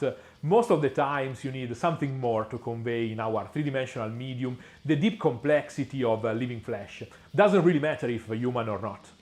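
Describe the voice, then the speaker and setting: A man giving a scripted painting tutorial, measured and explanatory, with frequent small pauses and the odd dry aside. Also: medium pitch, a little mellow.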